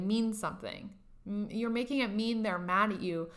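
Podcast host, young woman, bright tone, emphatic and profane, casual motivational delivery. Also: fairly high pitch, a little fast. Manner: profane, emphatic, laughs often.

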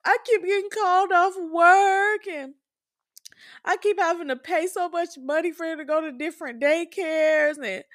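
Overwhelmed young single mother, sobbing and shrill, voice pushed way up high , played by a woman. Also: normal speed. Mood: crying distraught. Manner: wailing, frantic, high-pitched.

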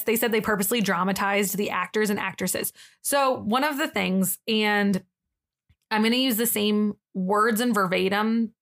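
A woman's voice: mid-range voice, a bit bright. A woman co-hosting a podcast, telling a story in casual chat with frequent fillers and giggles. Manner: chatty and giggly, with many "like" fillers. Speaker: podcast co-host.

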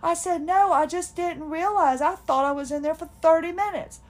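A woman's voice: extremely high pitch, normal speed. A woman hosting a podcast, telling a personal story in a chatty, laughing way, quoting others, tired and finding it hard to talk. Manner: chatty, laughing, animated retelling with quoted voices. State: fatigued, hard time talking. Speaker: podcast host.

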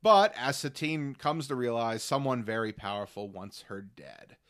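A man co-hosting a podcast, recapping episodes in casual, animated chat and sometimes dropping into mock voices. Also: medium pitch, moderate pace. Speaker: podcast co-host.

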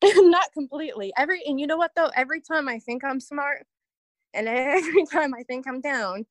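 A woman's voice: sits high, fairly quick, no echo. A woman guest on a podcast, talking in a rambling, earnest way and laughing often. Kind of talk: casual podcast chat.

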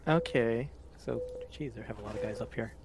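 A man playing in a tabletop role-playing game, asking questions and bantering with quick confidence. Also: medium pitch, noisy background. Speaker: player. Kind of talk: casual tabletop play.

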